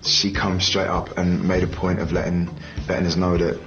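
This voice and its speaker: A man's voice: sits low, completely flat delivery, normal speed. A man, a pop singer, speaking in a laid-back, slightly hesitant way in an interview. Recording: dull TV audio with music.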